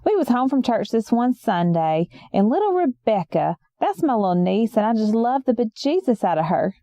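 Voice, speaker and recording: Young woman storyteller, folksy and rambling, mellow, dry close sound. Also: on the high side, big pitch swings, moderate pace, no echo. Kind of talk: first-person story reading.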